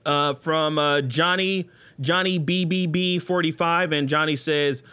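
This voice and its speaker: A man hosting a casual live stream chat, excitable and jokey, often jumping into goofy high-pitched bits. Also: unhurried, clear, resonant tone. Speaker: stream host.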